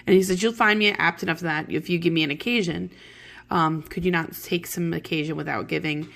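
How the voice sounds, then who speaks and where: A woman's voice: lowish voice, fairly even intonation, a little fast, gravelly, fairly bright tone. A woman teacher reading a play aloud to a class and explaining the lines in plain modern words, chatty and full of okays. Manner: chatty, many fillers and okays. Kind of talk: casual read-along lesson.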